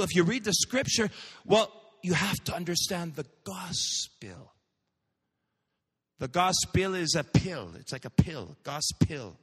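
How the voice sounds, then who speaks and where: A man's voice: sits high, big pitch swings, a little slow, pauses often, bright, forceful tone, breathy edge, in a large hall. A male pastor preaching a sermon, telling a story and building to fervent proclamations.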